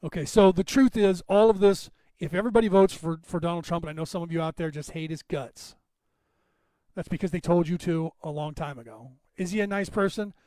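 Podcast host, male, high-pitched, emphatic and chatty, dry unechoing room. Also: brisk, dark tone, dry recording. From Northern California. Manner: rambling, emphatic, addresses listeners by name. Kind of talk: casual monologue to listeners.

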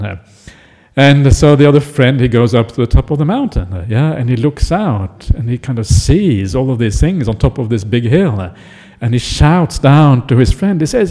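A man's voice: medium pitch, a little fast, dark tone. A man, a Buddhist monk, giving a chatty dharma talk and often checking in with listeners. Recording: echoey hall.

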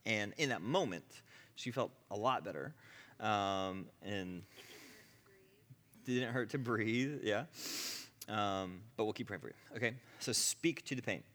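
A man's voice: fairly low pitch, measured pace, a bit bright, in a large hall. A man teaching a class on healing prayer in a conversational way, with frequent asides and "okay?" checks. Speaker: ministry teacher.

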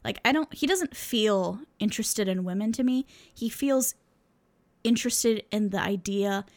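A woman's voice: medium pitch, measured pace. A woman co-hosting a podcast, reading fan fiction aloud and chatting casually in an amused way. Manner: amused, breaks into laughter while reading.

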